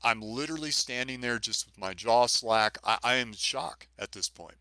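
As a guest on a podcast interview, a middle-aged man who retired from the police tells a personal story in an earnest, vivid way, repeating points for emphasis. He speaks in a mid-range voice at a moderate pace, bright and forceful, on a dry recording.

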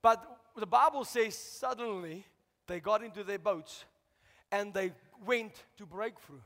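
A man preaching a sermon as pastor, shouting out to the congregation and asking for responses. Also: high-pitched, a little slow. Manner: preaching with rising shouts and call-outs to the congregation. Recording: long hall reverb.

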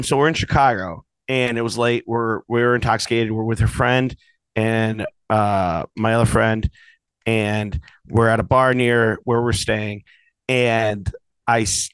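A man's voice: mid-range voice, clean tone, no echo, poor audio. A man co-hosting a podcast, telling long casual stories with lots of restarts and asides. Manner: rambling storyteller, many restarts. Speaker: podcast co-host. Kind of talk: casual chat.

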